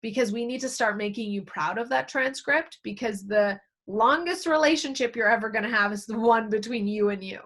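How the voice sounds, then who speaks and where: A woman's voice: fairly high pitch, fairly quick, hardly any pauses, a bit bright. A woman giving a productivity training talk as a coach, acting out quoted inner self-talk along the way.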